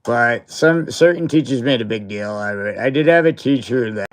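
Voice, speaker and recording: A man's voice: medium pitch, animated, normal speed. A man hosting a livestream, telling a story from school in a loose, rambling way, full of filler words and breaking into laughs. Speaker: livestream host. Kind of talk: casual storytelling chat.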